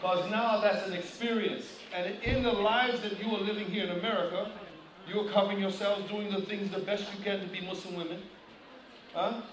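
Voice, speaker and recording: A man with a high voice delivers an animated sermon, often putting questions to his listeners. He sounds far from the mic in a very echoey hall, with clear room noise behind him. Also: brisk, a crowd in the background. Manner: animated, addresses audience directly with questions. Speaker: preacher. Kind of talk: sermon to a congregation. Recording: distant mic, loud room ambience.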